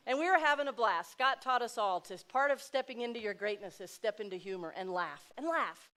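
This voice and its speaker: A middle-aged woman giving a heartfelt personal speech to an audience, swinging between loud exclamations and soft asides. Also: a little high, expressive, normal speed. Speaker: speaker at a dinner event.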